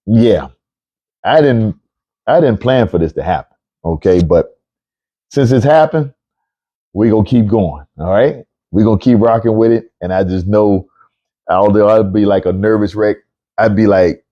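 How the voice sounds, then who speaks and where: A chatty, excitable man hosts a casual livestream Bible talk in a low, mellow voice. He tends to repeat himself, and the sound is dull and lo-fi. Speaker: online show host.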